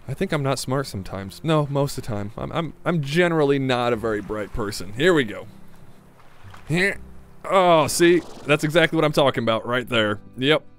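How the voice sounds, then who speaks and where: A man giving casual, self-mocking commentary while playing a video game, reacting excitedly to each new find. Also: medium pitch. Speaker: gaming video host.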